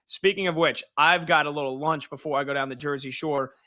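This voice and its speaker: A man's voice: fairly high pitch, fairly even intonation, fairly quick, sharp tone. A man co-hosting a sports radio show, chatting and joking in casual banter.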